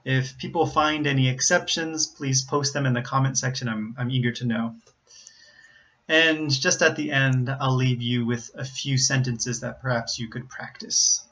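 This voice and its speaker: Middle-pitched American man, slow careful teaching, repeats examples, lo-fi audio. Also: fairly even intonation, a bit bright. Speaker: pronunciation teacher. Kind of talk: explaining pronunciation to learners.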